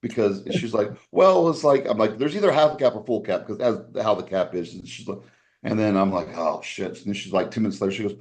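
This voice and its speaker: A man casually telling a long story on a podcast, rambling with restarts and acting out other people's lines in a raised voice. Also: brisk. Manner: animated, acts out quoted voices with raised pitch.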